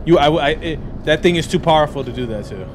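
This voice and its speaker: Excitable man commentating a horror game. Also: on the high side, brisk, background noise. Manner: excitable, swearing, yelling at the game. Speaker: gaming streamer. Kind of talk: let's play commentary.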